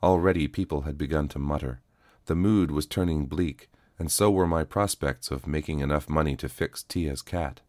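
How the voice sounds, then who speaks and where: A man narrating a first-person story in a steady, intimate reading. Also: rumbling low, normal speed, dry recording, clean studio sound.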